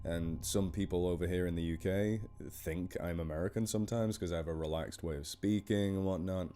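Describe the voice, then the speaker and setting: A man's voice: low-pitched, steady tone, fairly quick, warm tone, smooth, faint music behind. A man with a northern English accent chatting casually to his live stream viewers, rambling and over-enunciating his words. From northern England. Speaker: live stream horror story reader.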